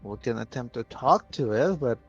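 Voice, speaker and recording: A man's voice: mid-range voice, lively intonation, normal speed, soft background music. A man playing a tabletop game, chatting hesitantly and trailing off. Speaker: player. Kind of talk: casual tabletop game chat. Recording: dull lo-fi mic.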